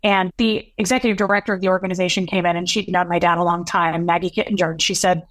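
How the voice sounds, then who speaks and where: A woman guest in an interview, recounting a painful personal story in a halting, emotional, long-winded way. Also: fairly low pitch, fairly even intonation, a bit bright, dry recording.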